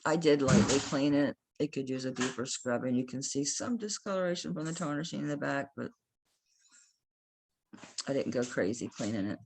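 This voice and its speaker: Chatty low-voiced Southern woman. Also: vocal fry, a little mellow, a little hiss or hum, rough recording. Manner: chatty, impatient, quick to laugh at herself. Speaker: online jewelry seller. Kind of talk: casual selling vlog. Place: at home.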